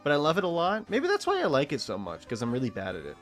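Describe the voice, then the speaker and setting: A man's voice: a little high, wildly swooping pitch, fast, a bit bright, faint music behind. A man from Texas giving casual, rambling gameplay commentary as a streamer, swearing freely and laughing often.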